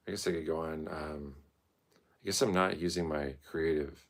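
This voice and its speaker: A man talking to camera late at night in his art studio, rambling and swearing, often jumping into high mocking voices. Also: steady tone, moderate pace. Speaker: vlogger.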